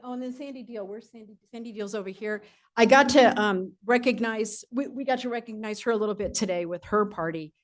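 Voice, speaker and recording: A middle-aged woman from California giving an informal, rambling farewell speech at a public meeting, full of restarts and fillers, at moments close to tears. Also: mid-range voice. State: emotional, voice catching. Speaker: retiring judge giving farewell remarks.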